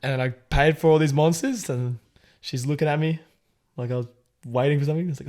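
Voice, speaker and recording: A young Australian man co-hosting a podcast and spinning a yarn in casual chat. His voice sits a little high for a man. He swears freely and gets animated as he tells it. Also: fairly quick. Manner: swears a lot, animated storyteller. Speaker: podcast co-host.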